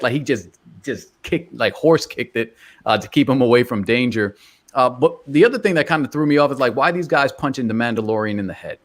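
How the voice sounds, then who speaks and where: A man hosting a casual fan discussion, laid-back, often laughing and putting questions to his co-hosts. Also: mid-range voice. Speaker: podcast host. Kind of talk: casual chat.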